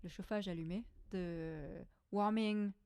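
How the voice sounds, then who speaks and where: A French woman drummer chatting casually with viewers on a live stream in English, pausing often to search for words. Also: medium pitch, fairly even intonation, vocal fry, mellow, clear, resonant tone, dry recording. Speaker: drummer hosting a live lesson.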